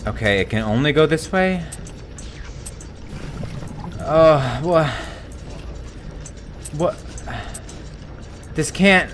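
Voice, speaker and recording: Man, game streamer, bright voice, swings high and low, yelps and swears, faint music behind. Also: animated, drawn-out words, pauses often. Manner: jumpy, yelps and shouts at scares, swears a lot. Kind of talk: live gameplay commentary.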